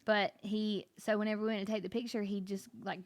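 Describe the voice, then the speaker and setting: A woman's voice: mid-range voice, level tone, brisk. Chatty woman telling a rambling story. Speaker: podcast guest. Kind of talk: casual chat.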